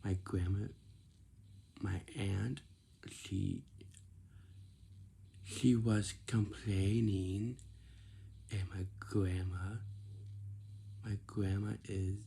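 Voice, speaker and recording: A man's voice: deep voice, fairly even intonation, drawn-out words, vocal fry, pauses often, dark tone, a little hiss or hum. A man telling a casual, rambling story, often stopping to repeat and correct himself.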